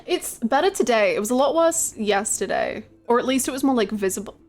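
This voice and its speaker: A woman's voice: a little high, expressive, fairly quick, soft background music. A woman streaming from home, chatting casually with her viewers, laughing often and greeting them by name in a playful, chaotic way.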